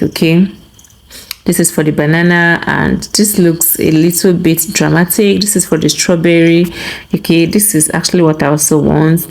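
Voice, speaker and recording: A woman hosting a software tutorial, walking through steps and often checking in with a quick "okay?". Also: fairly low pitch. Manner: instructive, tags remarks with "okay?". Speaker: tutorial host. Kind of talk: screen-recorded software tutorial.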